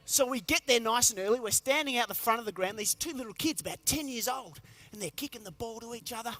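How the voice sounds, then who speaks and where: A middle-aged man gives a comic keynote speech, telling jokes and stories and slipping into quick character voices. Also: very high-pitched, pushed and bright. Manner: storytelling with quick joke voices. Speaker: motivational speaker.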